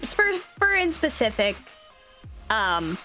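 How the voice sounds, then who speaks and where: A woman's voice: on the high side, very animated, takes it slowly, bright, forceful tone, soft background music. A young woman streamer chatting casually, upbeat and rambling with plenty of fillers. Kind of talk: casual chat.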